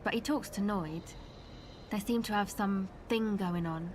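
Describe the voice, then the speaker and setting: An actress voicing a cool, guarded young woman in a video game, offhand and evasive, over clear background noise. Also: medium pitch, measured pace, a little mellow, natural voice. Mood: laid-back. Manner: laid-back, evasive, offhand. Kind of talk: voiced video game dialogue.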